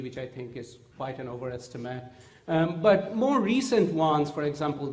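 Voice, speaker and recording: Echoey man lecturing at a conference. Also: mid-range voice. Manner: earnest, many hesitant fillers and restarts. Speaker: symposium speaker. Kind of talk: scientific conference talk. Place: conference room.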